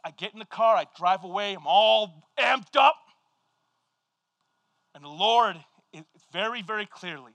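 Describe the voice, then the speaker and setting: High-voiced animated male pastor preaching. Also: dry recording. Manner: animated storytelling, shouting at peaks, quick asides. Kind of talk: sermon.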